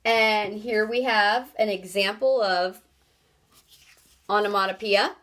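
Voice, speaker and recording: A woman's voice: mid-range voice, steady tone, a bit bright. A woman teacher reading a children's novel aloud and explaining word sounds. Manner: slow, careful, explanatory.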